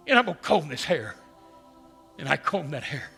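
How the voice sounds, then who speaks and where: A man with a drawl tells a personal story with dramatic swings, hushing down low and then rising almost to a shout. His voice is bright and forceful and sits a little high. Faint music plays underneath. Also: big pitch swings, moderate pace, creaky. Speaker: speaker telling a personal story. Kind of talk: storytelling talk.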